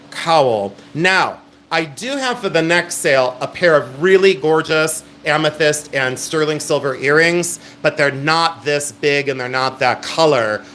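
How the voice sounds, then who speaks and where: A man's voice: a little high, sharp tone, a little hiss or hum. Chatty middle-aged man selling jewelry. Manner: chatty, emphatic salesman patter. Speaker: live sale host. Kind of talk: live-stream jewelry auction.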